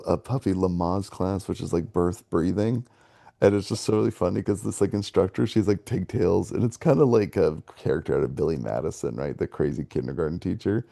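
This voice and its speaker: Gravelly low-voiced man, rambling chat. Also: dark tone, no room sound, clean studio sound. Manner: rambling, laughs often between thoughts. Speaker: podcast co-host. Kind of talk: casual movie review chat.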